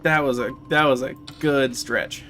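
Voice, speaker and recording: A man streaming a game live and chatting casually with his viewers, chatty and excitable and quick to swear. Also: medium pitch, slight background noise. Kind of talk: casual live-stream chat while gaming.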